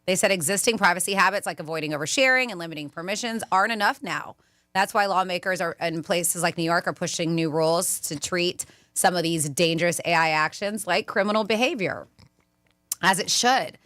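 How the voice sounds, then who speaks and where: A woman's voice: fairly low pitch, a little fast, fairly bright tone, no room sound. A woman co-hosting a radio show in a studio, chatting and reading out news items and listener texts. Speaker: radio co-host. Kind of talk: casual talk radio banter. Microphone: studio microphone.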